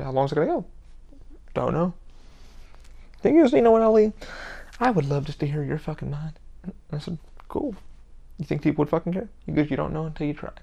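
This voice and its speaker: Male solo podcaster, gravelly voice, profane and rambling, passionate and blunt. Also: a little high, mellow, highs cut off. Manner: heavy swearing, rambling and emphatic. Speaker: podcast host. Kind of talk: casual solo podcast rant.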